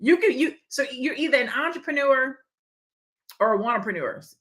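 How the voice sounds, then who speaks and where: Woman, livestream host, slightly high voice, slight lisp, candid and conversational. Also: expressive, normal speed, a bit bright. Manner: candid, conversational, reads viewer comments aloud. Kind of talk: live-streamed motivational talk reading comments.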